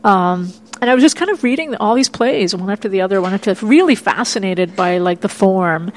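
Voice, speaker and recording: Playwright guest, woman from Miami, lively storyteller who plays out her own reactions in an interview indoors. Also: mid-range voice, a little fast. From Miami, United States. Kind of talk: casual interview chat. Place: indoor room in Chicago.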